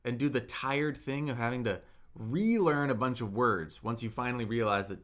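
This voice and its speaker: A man teaching a livestreamed Mandarin lesson, slowly modeling words for viewers to repeat and chatting with the chat between them. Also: mid-range voice, fairly bright tone. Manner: slow, drawn-out modeling of words for repetition; chatty, reads viewer comments aloud.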